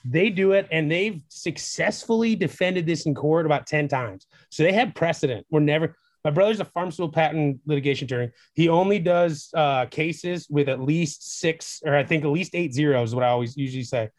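Man, young adult, slightly high voice, excitable, rambling storyteller, dry close sound. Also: brisk, no echo. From Wisconsin, USA. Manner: excitable, rambling, acts out quoted dialogue. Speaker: distillery founder, guest. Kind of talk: animated storytelling in an interview.

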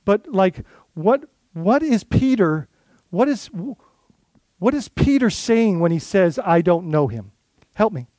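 A man's voice: high voice, expressive, slow pace, dark tone, no room sound. A male lead pastor preaching a sermon in a conversational way, full of rhetorical questions and restarts.

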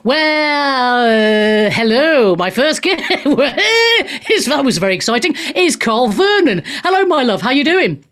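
A woman hosts a talk radio show, rambling through the day's papers with a fairly high voice. She gives her opinions bluntly, mixes in asides and breaks into laughter often. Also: big pitch swings, slow pace, a bit bright. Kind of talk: casual opinionated news chat.

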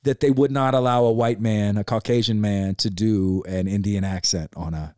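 A man's voice: fairly low pitch, fairly even intonation, normal speed, darkish tone, clean tone, dry recording, studio quality. A man in his forties hosting a podcast, chatting casually in a laid-back, rambling way, often calling the listener man or dude. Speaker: podcast host.

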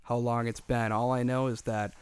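Man, podcast host, comedic casual chat, profane and jokey, dry close sound, middle pitch. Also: little pitch movement, normal speed, darkish tone, clean tone, no room sound. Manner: profane, joking, laughs often. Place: room with a small live audience.

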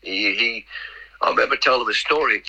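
A man's voice: lowish voice, fairly quick, bright, forceful tone, slightly rough, dull audio. A middle-aged man, a podcast guest rambling through anecdotes, repeating words and acting out the dialogue. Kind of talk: casual anecdotal storytelling.

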